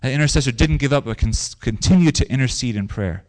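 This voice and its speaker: A man's voice: medium pitch, quick pace, a little mellow. A man preaching a sermon in a conversational way, telling stories and repeating phrases for emphasis. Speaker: pastor.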